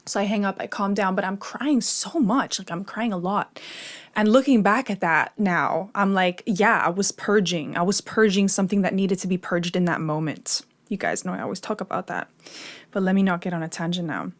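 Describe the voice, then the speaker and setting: Young woman vlogging about manifesting, super casual, swears a lot, says like every other word, mid pitch. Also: moderate pace. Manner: chatty and profane, full of "like" and "you know". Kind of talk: casual storytelling to camera.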